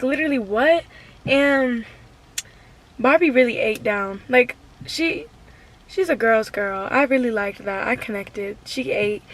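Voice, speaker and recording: High-voiced young woman gushing to camera. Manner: chatty and gushing, heavy with slang. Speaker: vlogger. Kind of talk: casual chat to camera.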